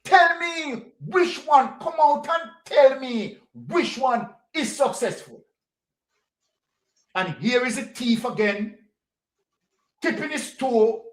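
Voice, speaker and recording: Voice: high voice, lively intonation, takes it slowly, long pauses. A political commentator with a Jamaican accent, ranting passionately, repeating points and firing off rhetorical questions. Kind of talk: impassioned political vlog rant. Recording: roomy echo.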